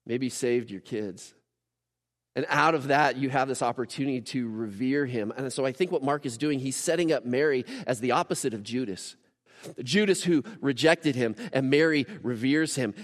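A man preaching in a relaxed, chatty style, tossing in asides as he teaches. His voice sits at a middle pitch. A long reverb trails behind him, as in a large hall. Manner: animated, casual preaching with asides. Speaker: pastor. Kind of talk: conversational sermon.

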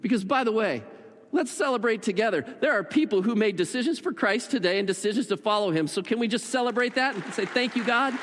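A male pastor leading an earnest altar call and a slow, pleading prayer in a church service. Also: high voice, animated. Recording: long hall reverb.

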